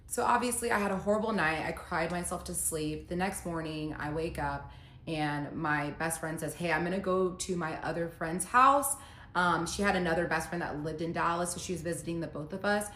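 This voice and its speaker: A woman's voice: lowish voice, fairly quick, a bit bright. A woman telling her own breakup story in a casual monologue, emotional, reading messages aloud in her own voice. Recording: echoey room.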